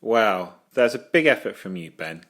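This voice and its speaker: Man co-host, dry teasing humour, lowish voice with a lively pitch range. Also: moderate pace. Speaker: podcast co-host. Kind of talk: casual comedy chat.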